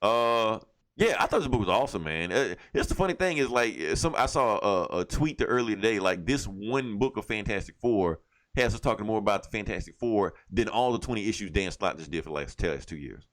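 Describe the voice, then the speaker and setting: A man's voice: fairly low pitch, animated, brisk. A man co-hosting a casual podcast, animatedly retelling a comic plot and acting out the characters' lines with plenty of cursing. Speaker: podcast co-host. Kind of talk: casual comic book review chat.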